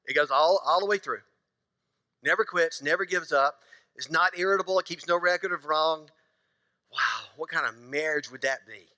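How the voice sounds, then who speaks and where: A middle-aged pastor delivers a playful, conversational sermon in a church, jokingly acting out little scenes and slipping into quick voices for husbands and wives. His voice is high and bright. The sound is close and dry, yet a long sanctuary reverb trails after him.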